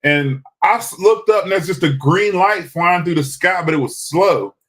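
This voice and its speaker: Rambling and restarting hesitantly, this co-host of a live podcast gets defensive whenever he's teased during the casual live-stream chat. The man's voice sits high and sounds a bit bright, moving at normal speed.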